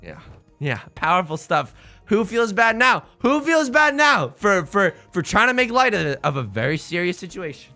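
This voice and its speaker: This man's high voice swings widely in pitch and sounds pushed and bright as he streams a game at a normal pace. He keeps up joking chat and gameplay commentary, repeats phrases, and greets viewers by name mid-sentence, with faint music in the background.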